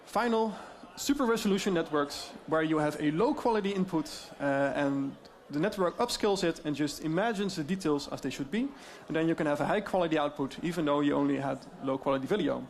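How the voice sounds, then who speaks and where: A Dutch-accented man giving a conference talk, his voice sitting a bit high. He explains in a lively, loose way, dropping frequent fillers along the way. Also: fairly quick. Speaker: speaker on AI deepfakes.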